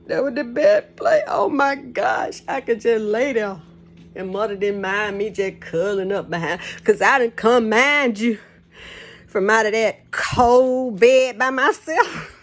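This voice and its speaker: A woman's voice: on the high side, a little slow. An older woman, chatting casually to camera from her home kitchen, rambling and laughing often as she tells stories. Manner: rambling, laughs often, folksy Southern turns of phrase. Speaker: vlogger.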